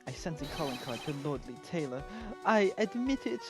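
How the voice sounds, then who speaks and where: A man's voice: a little high, very animated, brisk, over music, voice pushed up. A man reading as a blunt young thief. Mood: confessing.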